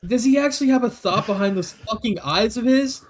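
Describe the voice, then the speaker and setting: A man's voice: extremely high pitch, a little fast. A man ranting crudely in casual chat on a stream, laughing often.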